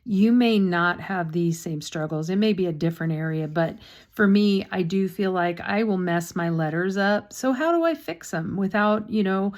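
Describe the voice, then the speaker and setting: A woman painting instructor talks casually through a step-by-step demonstration, with chatty, self-deprecating asides and a slightly sore throat. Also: medium pitch.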